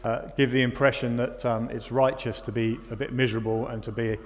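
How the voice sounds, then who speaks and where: A man's voice: mid-range voice, flat delivery, brisk. A man preaching a sermon in a conversational way, often asking his listeners rhetorical questions. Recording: long reverb of a hall.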